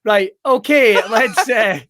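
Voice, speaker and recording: A man hosting a comedic wrestling show, excitable, sweary and full of jokes. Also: extremely high pitch, takes it slowly, no room sound, clean studio sound. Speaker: show host.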